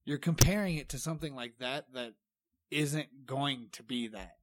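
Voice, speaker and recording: A man's voice: medium pitch, moderate pace, dry recording, studio quality. A man co-hosting a casual podcast, ranting heatedly and swearing, rambling from point to point. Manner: heated, profane, rambling rants. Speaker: podcast co-host.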